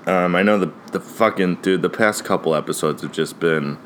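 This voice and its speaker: A man's voice: low-pitched, moderate pace, slight background noise. A man in his mid-twenties from Ohio, hosting a casual solo podcast, rambling with lots of "like" and "dude", swearing and laughing often. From Ohio, USA. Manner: frequent fillers "like" and "dude". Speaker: podcast host.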